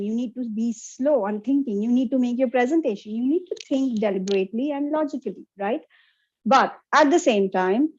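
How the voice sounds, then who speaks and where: A woman gives an interactive lecture over a video call, her voice sitting a little high. She keeps turning to her listeners with questions. The call audio sounds dull and lo-fi. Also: darkish tone. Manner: interactive, checks in with the audience often. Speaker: workshop presenter. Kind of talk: online lecture.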